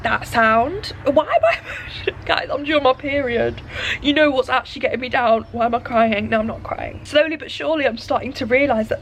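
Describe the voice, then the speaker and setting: A young woman talks casually to her phone camera in a vlog. Her voice sits fairly high and she is chatty and giggly. A faint hiss of background noise runs underneath. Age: 20s. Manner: chatty, bubbly, giggly asides. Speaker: vlogger. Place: large indoor shopping centre. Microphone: phone held at arm's length.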